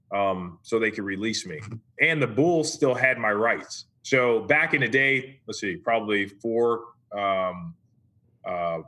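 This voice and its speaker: A man's voice: lowish voice, bright, forceful tone. A man in his forties, a former basketball player, telling his story as a podcast guest in an easygoing way, often checking in with "right?". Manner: easygoing, tags points with "right?". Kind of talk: casual interview storytelling.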